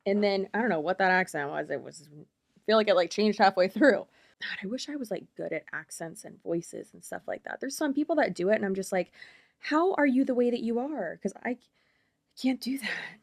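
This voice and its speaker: A woman commentator reacts to a clip with blunt, opinionated talk. She rambles and leans on fillers, and her voice sits at a middle pitch. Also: expressive, fairly quick, vocal fry. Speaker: commentary YouTuber.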